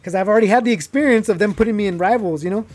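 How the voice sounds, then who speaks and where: High-voiced man telling a story. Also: racing, faint music behind. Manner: animated, acts out quotes, many fillers. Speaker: guest telling his story. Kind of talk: casual storytelling.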